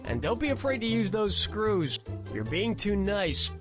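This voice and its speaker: A man voicing a wisecracking, sarcastic male trivia game show host with snarky, mock-enthusiastic quips, over loud game music. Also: high-pitched, big pitch swings, a little slow. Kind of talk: scripted game dialogue.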